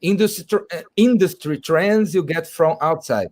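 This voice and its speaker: Over a video call, a guest speaker whose first language is Portuguese explains a business topic, halting often and restarting phrases with frequent fillers. His voice sits a little high for a man and has a darkish tone.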